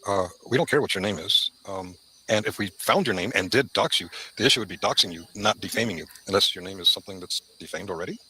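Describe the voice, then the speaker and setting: A man co-hosting a casual livestream, reading comments aloud in a brisk, dismissive way. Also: low voice, pushed and bright, a little hiss or hum, rough recording. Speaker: livestream co-host.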